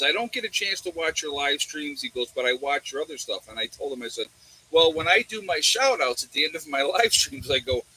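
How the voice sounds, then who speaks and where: Bright, husky man chatting on a livestream. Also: medium pitch, low-quality recording. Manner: rambling storytelling with many fillers and restarts. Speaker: livestream host. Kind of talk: casual livestream chat. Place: warm room indoors.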